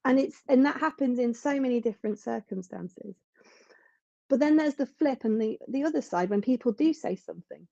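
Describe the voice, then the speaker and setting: A woman's voice: fairly high pitch, lively intonation, moderate pace, creaky, dark tone, no echo, dull audio. A woman speaking as a podcast guest in an earnest, reflective way, often restarting her sentences. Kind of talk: conversational interview.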